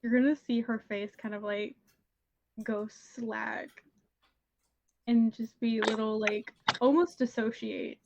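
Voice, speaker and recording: A woman's voice: fairly high pitch, steady tone, a little slow, darkish tone, highs cut off, a little hiss or hum. A woman player in a tabletop game, musing and hesitant, often trailing off. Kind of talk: casual tabletop game chat.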